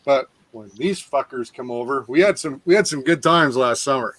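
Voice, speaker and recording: A man's voice: medium pitch, normal speed, fairly bright tone. A man hosting a casual chat, teasing and laughing often. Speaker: show host.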